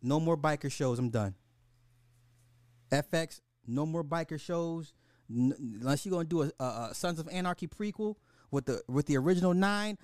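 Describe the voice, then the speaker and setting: A man's voice: a little high, moderate pace, darkish tone, no echo, clean studio sound. A man hosting a podcast, ranting in casual talk, swearing freely and repeating himself when worked up. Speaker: podcast host.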